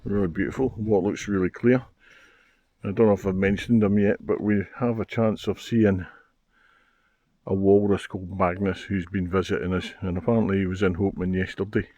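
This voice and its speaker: A man's voice: low-pitched, steady tone, brisk, warm tone, dry recording. Wry older Scottish man outdoors. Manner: chatty, wry and self-mocking. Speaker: race course sweeper. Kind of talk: casual vlog narration while cycling. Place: outdoors on a coastal trail. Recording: faint outdoor noise.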